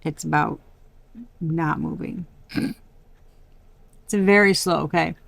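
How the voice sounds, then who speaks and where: A woman's voice: low voice, fairly even intonation, takes it slowly, creaky, a bit bright, dry recording. Blunt, profane woman reading tarot. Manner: blunt, swears freely, exasperated asides. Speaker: tarot reader. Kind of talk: casual collective tarot reading.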